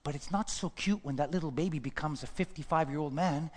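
An older man preaching a sermon, repeating phrases and building to shouted peaks. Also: fairly high pitch, a little fast, slight background noise. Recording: long hall reverb.

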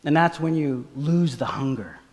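A man preaching a sermon as pastor, acting out the story and swinging from hushed lines to loud, excited ones. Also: on the high side, normal speed, long reverb tail. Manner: dramatic, swings from hushed to shouting. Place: church.

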